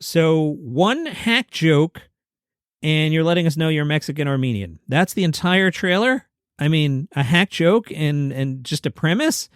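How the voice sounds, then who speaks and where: A man's voice: on the high side, normal speed, smooth, no room sound, faint music behind. Wry man hosting a comedy news podcast. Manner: wry, sarcastic, reads jokes aloud. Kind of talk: casual comedy news commentary. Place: home studio.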